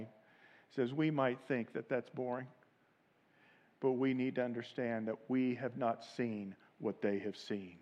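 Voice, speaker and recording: A man preaching a sermon as pastor, moving from quiet, low asides to loud, shouted peaks and leading the congregation in call and response. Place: church sanctuary.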